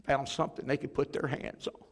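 A middle-aged pastor with a gravelly edge to his voice, telling a story from the pulpit. He speaks in an earnest, emotional way and acts out what others said, at a middle pitch. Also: little pitch movement, brisk. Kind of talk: storytelling sermon.

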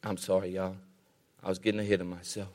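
A man's voice: low-pitched, little pitch movement, fast, a little mellow, long reverb tail. A man preaching a sermon in a church, rhythmic and repetitive, calling on the congregation to respond. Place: church sanctuary.

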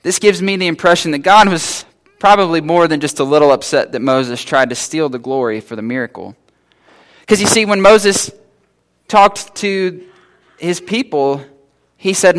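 A man preaching a sermon in a church, his voice sitting a little high. He talks in a relaxed, conversational way and slips into casual voices for the people in the story. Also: normal speed. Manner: conversational, acts out biblical figures in casual voices. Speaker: pastor.

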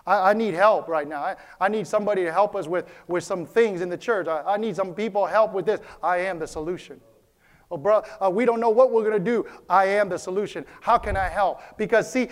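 A man preaching a sermon as pastor of a church, repeating his key phrases and calling out to the congregation for a response. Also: sits high. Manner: repetitive, preacherly, calls for response.

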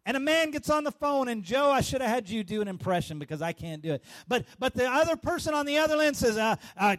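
A male pastor in full sermon flow, calling out to the congregation and rising into shouts. His voice runs high and swings widely in pitch, lively and animated throughout. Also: quick pace, few pauses. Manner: call-and-response preaching, bursts of shouting.

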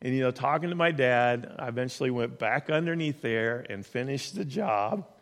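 A man with a mid-range, lively voice tells a personal story during a talk at a moderate pace. He sounds earnest and conversational and often restarts his sentences, with long hall reverb on the recording.

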